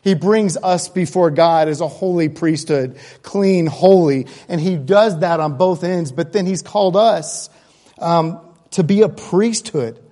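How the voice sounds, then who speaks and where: A man's voice: on the high side, measured pace, mellow. A man preaching a sermon in a conversational, earnest way, with asides and restarts. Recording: long hall reverb.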